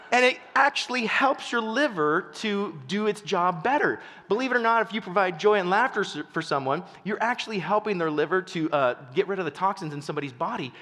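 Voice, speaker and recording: A man telling stories in a keynote speech, goofy and animated, acting out the people in them. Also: high voice, big-room sound. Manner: animated, goofy storyteller who acts out voices. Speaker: keynote speaker.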